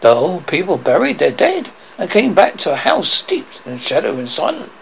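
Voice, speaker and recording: A man hosting a horror show, reading a spooky tale dramatically, with halting slips now and then. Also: on the high side, huge pitch swings, creaky, slight background noise, low-quality recording. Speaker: horror host.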